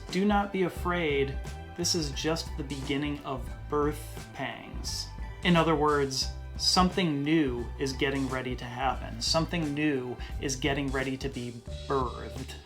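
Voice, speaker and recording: Man with a slightly high voice, teaching. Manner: conversational, slows down to stress key phrases. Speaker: podcast host. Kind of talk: casual Bible teaching monologue.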